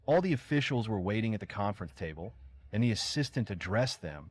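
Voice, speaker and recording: Lively low-voiced man narrating a story. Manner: brisk reading that voices every character himself. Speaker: recap narrator.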